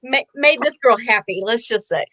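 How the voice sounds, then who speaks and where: A middle-aged woman with a bright, sharp voice, slightly high for a woman. She chats in a folksy, storytelling way, trailing off and restarting her sentences. The sound is dry and close. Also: expressive, moderate pace, no echo. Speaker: podcast co-host. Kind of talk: casual chat on a live stream.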